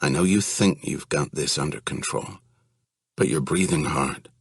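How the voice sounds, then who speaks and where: A man voicing a calm, unflappable man who speaks in a level, measured way. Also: extremely low pitch, creaky, breathy edge, dry recording, clean studio sound, exaggerated voice. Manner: level, measured, matter-of-fact.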